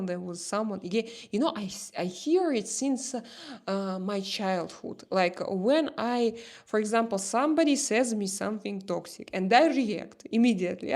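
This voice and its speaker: Chatty woman with a Slavic accent. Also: fairly high pitch. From Slavic country. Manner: animated, halting, many restarts. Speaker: livestream host. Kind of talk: casual livestream chat reading comments.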